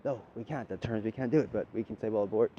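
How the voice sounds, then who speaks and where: Speaking fast with a breathy edge, a man wanders through a spiritual monologue, swearing offhandedly and often finishing a point with "right?" The recording is lo-fi and dull, with a faint rumble.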